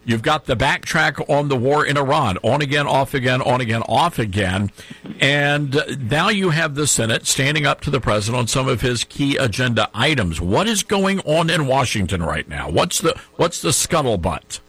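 A man hosting talk radio, opinionated and sarcastic, tossing off quick asides as he tees up questions for his guest. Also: mid-range voice, expressive, a bit bright, husky, no echo.

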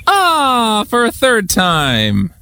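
Male radio host with a lively, swooping, bright voice. Playful, jokey read. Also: high voice, drawn-out words, slight background noise. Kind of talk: casual call-in radio chat.

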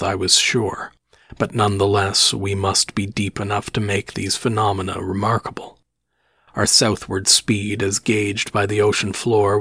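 A man reading a first-person horror story aloud in a measured, solemn way. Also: on the low side, fairly bright tone, breathy edge, no echo, clean studio sound. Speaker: audiobook narrator.

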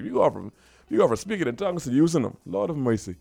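A man's voice: on the high side, very animated, fast talker, creaky, mellow, husky, faint music behind. A man hosting a radio show in casual, playful banter, laughing often and slipping into local dialect. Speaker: radio host. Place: radio studio.

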